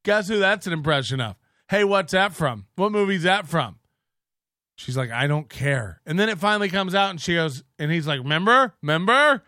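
A man's voice: sits high, expressive, a little fast, bright, forceful tone, dry recording, clean studio sound. A male host giving crude, sarcastic commentary on stream clips and mimicking the people in them.

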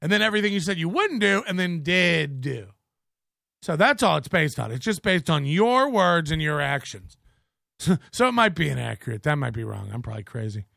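A man's voice: sits high, sing-song, moderate pace, gravelly, bright, forceful tone, no room sound, clean studio sound. A man hosting a livestream, ranting angrily with mocking, profane jabs. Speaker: livestream host.

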